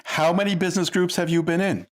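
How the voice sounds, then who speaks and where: A man's voice: high voice, steady tone, fast talker. Man asking short probing questions. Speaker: podcast host, interviewer. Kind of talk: casual podcast conversation.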